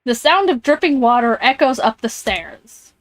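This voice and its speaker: High-voiced woman streaming a game. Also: expressive, moderate pace, no echo. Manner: reads game text aloud, jumpy scared reactions. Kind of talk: live-streamed game playthrough. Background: headphones on, alone in a room.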